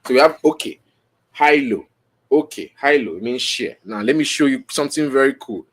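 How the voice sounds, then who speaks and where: A man with a mid-range voice and lively intonation hosts his own podcast at a moderate pace. He teaches casually on camera, rambling, correcting himself, and checking in with "right?" as he goes. It's recorded indoors on a camera mic.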